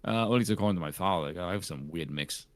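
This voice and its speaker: Blunt, low-voiced man from South Africa. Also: fast talker, dry recording. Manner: blunt, laughs often. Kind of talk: casual chat on a live stream.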